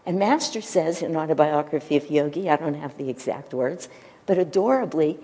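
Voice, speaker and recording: A woman giving a gentle devotional talk and retelling a story, pausing at times to search for her words. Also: low-pitched, animated, long reverb tail. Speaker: spiritual teacher.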